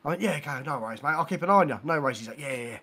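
Lively man telling a story. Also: fairly high pitch, very fast, husky. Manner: animated storyteller, slangy, grows loud when excited. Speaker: podcast co-host. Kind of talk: casual storytelling chat.

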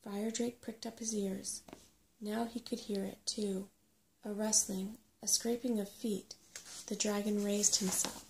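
Soft-spoken woman reading a bedtime story. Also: medium pitch, flat delivery, creaky, a little hiss or hum. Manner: gentle and unhurried.

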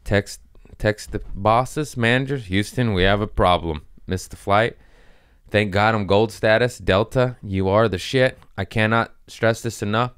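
A young man hosting a podcast, telling stories in a casual, profane, animated way and laughing at his own jokes. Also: fairly low pitch, a little slow, smooth, no room sound, studio quality. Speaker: podcast host. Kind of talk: casual storytelling monologue.

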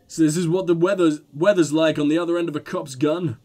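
A man hosting a game playthrough, reading the narration aloud in an animated, expressive way. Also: on the high side, fast, few pauses. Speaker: let's play host.

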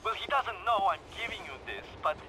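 A man's voice: high voice, expressive, brisk, background noise. An actor playing a cheerful, grateful man in a video game. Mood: bubbly.

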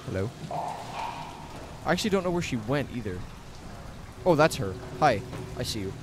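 A man giving sarcastic let's play commentary, swearing often and loudly mocking the monster in a high, shouting voice. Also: sing-song, normal speed, heavy background noise. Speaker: gaming commentator. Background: game music.

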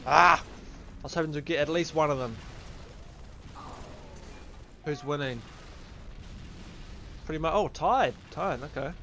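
A man's voice: fairly high pitch, unhurried, long pauses, fairly bright tone, a little hiss or hum. A man giving casual live commentary while streaming a game, chatty and upbeat, buzzing from coffee. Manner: chatty, upbeat, addresses viewers as fellas. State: caffeinated and buzzing. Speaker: gaming streamer.

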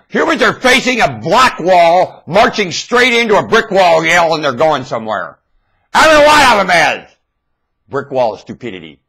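A man ranting erratically into a webcam at home, swinging from shouting to low muttering. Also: creaky, breathy edge. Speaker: vlogger. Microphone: webcam mic.

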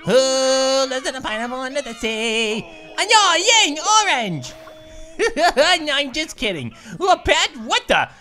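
A woman's voice: high-pitched, sing-song, slow pace, pushed and bright, soft background music, full character voice. A woman voicing a goofy, hyper cartoon gaming host who stammers and giggles through comedic let's play commentary.

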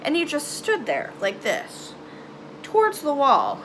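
High, animated young woman vlogger. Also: slight background noise. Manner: halting, emotional, trails off into sighs and nervous laughs. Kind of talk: confessional storytime vlog.

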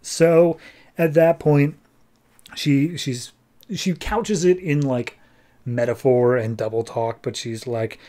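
A man's voice: medium pitch, fairly even intonation, slow pace, dark tone. A man hosting a podcast, casually recapping a comic issue in a jokey, wry way. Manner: jokey, wry, acts out quotes. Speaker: podcast host.

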